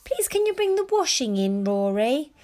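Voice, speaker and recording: A woman's voice: high voice, big pitch swings, moderate pace, a little mellow, pitched above the performer's own voice. A woman doing a busy, patient storybook mum. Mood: coaxing.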